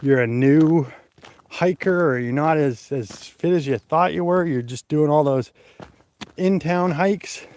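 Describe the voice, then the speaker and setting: A man livestreams from a mountain trail outdoors, talking into a phone held at arm's length. His voice sits a little high, and he rambles in a chatty way with restarts and laughs. He breathes hard from the climb. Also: unhurried, a little mellow. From Canada. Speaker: hiking vlogger and livestream host. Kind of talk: casual livestream chat while hiking.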